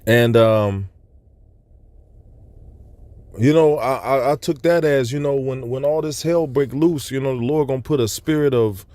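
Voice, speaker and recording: A man speaks at normal speed in a mid-range, slightly mellow voice, giving a testimony about a vision. Earnest yet rambling, the story is loosely told and peppered with "you know" asides; there's no echo.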